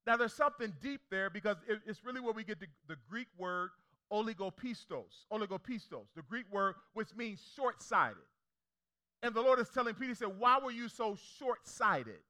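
High, bright-voiced young preacher man. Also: a little fast. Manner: preacherly call-and-response, emphatic repetition. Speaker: pastor. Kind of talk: sermon.

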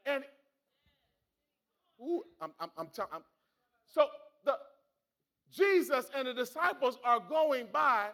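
A male pastor preaching a sermon with rising shouts and repeated words. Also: very high-pitched, animated, slow pace, long pauses.

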